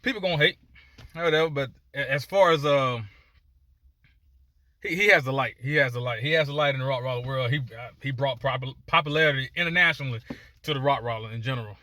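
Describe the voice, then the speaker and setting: A man's voice: medium pitch, brisk, sharp tone, no echo. A man, a dog breeder talking through his opinions in a casual vlog, full of fillers and restarts. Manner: conversational, many fillers and restarts.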